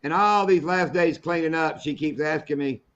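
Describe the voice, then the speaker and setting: Casual live-stream chat comes from a middle-aged man running a fishing show, his folksy storytelling peppered with salty language. The pitch is fairly high, the tone fairly bright, the pace moderate, and the audio lo-fi.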